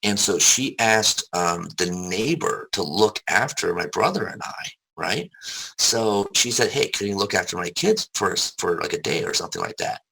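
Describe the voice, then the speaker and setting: A man's voice: sits low, sing-song, normal speed, creaky, sharp tone, slightly rough, low-quality recording. A young adult man, an interview guest, frankly telling personal stories with casual swearing and many restarts. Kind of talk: candid personal storytelling.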